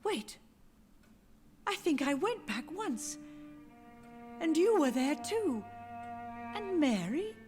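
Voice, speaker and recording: A woman's voice: sits high, big pitch swings, slow pace, long pauses, music in the background, exaggerated voice. An actress voicing a frail, grieving elderly mother in a video game, wistful and drifting in her thoughts. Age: older. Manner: wistful, drifting, quietly confused.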